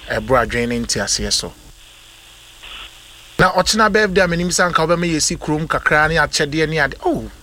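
A man with a Ghanaian accent hosting a call-in radio show, giving hyped shout-outs and blessing a caller. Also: a little high, expressive, fairly quick. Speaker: radio host. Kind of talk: call-in birthday show, English and Twi mix.

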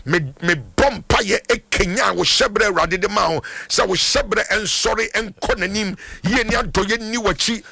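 Fervent Ghanaian pastor, high gravelly voice. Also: male voice, normal speed, hardly any pauses, sharp tone, no room sound. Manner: fervent, sing-song declarative praying. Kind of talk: radio call-in prayer.

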